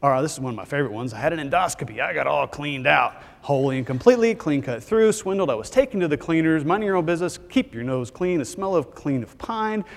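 A man's voice: a little high, quick pace, gravelly, few pauses. A man from Texas, giving a joking, conversational conference lecture as a physician assistant. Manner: joking, conversational, lively delivery. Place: large conference hall. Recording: hall reverb.

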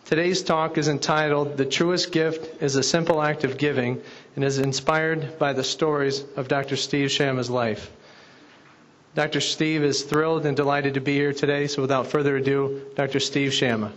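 A man's voice: on the high side, little pitch movement, moderate pace. Man reading a formal speaker introduction. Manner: reads out a prepared introduction. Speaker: session introducer.

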